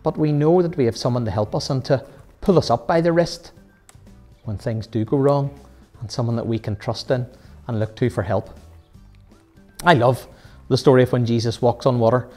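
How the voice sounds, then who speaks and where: A man's voice: mid-range voice, normal speed, pauses often, darkish tone, faint music behind. Earnest man teaching Sunday school. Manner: earnest, asks many rhetorical questions. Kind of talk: children's Bible lesson.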